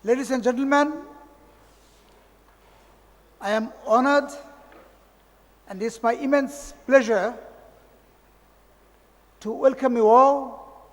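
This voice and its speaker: A man with a Bangladeshi accent giving a formal, measured welcome speech at a conference, sometimes restarting his phrases. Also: very high voice. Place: large hotel conference hall. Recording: echoey hall reverb.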